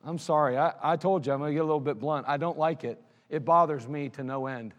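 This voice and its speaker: Blunt preacher guy with a high voice, scolding the crowd, big echoey church. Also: fast, lo-fi sound. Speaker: pastor. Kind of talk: sermon. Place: church sanctuary. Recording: long hall reverb of a church sanctuary.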